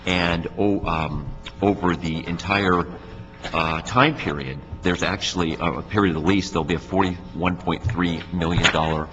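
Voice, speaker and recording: A man from city staff briefing a committee, sounding nasal and congested from allergies and talking haltingly with many fillers. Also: deep voice, steady tone, fairly bright tone, soft background music. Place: council chamber. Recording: dull reverberant chamber with faint hum.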